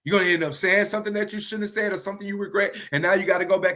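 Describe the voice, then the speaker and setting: A man teaching from the Bible in a livestream, earnest and repeating key phrases slowly for emphasis. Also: high-pitched, steady tone, pushed and bright.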